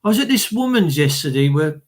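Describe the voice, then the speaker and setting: An Englishman with a high-pitched voice rants angrily on a live stream, swearing and stammering as he goes. He stumbles over his words and reads viewers' comments aloud between tirades. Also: sing-song, fast talker. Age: adult with children. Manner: angry, profane, stammering rant. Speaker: livestreamer reading chat.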